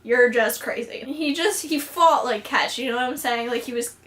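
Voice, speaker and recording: At a normal pace, a young woman with a high, fairly bright voice recaps a TV episode for her casual vlog. The delivery is bubbly and chatty, heavy on "like" fillers and acted-out quotes.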